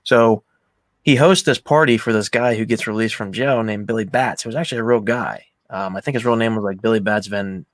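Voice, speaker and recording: A man hosting a casual movie chat, retelling scenes with lots of swearing and excited quoted lines. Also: lowish voice, a little fast, no echo. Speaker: podcast host.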